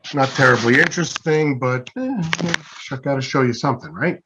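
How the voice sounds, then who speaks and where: A man's voice: medium pitch, brisk, highs cut off, noisy background. A man as an interview guest and pen maker, telling anecdotes in a casual, self-deprecating way and acting out what others said. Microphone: video call.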